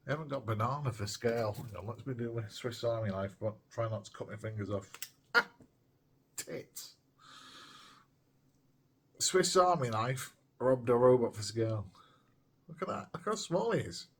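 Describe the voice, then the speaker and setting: A British man talks to camera in a loose, chatty way as he unboxes something, tossing in playful asides. His voice sits in a middling register with a breathy, husky grain. The delivery is relaxed and meandering. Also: mid-range voice, brisk. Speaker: retro gaming vlogger. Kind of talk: casual unboxing chat to camera.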